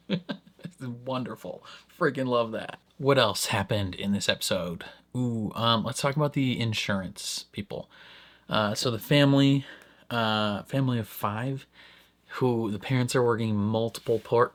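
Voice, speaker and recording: Low-voiced chatty man reacting to TV. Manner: rambling, animated, laughs often, filler "like". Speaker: reaction youtuber. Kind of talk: casual commentary on a TV episode.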